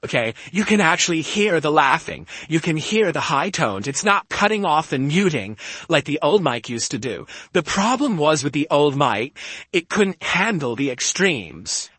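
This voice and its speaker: Chatting casually on a home stream, this man pushes his argument hard and keeps checking in with "okay?". He sounds a little high for a man, sing-song and a bit bright, at a normal speed. The close studio podcast mic gives a dry recording with no room sound.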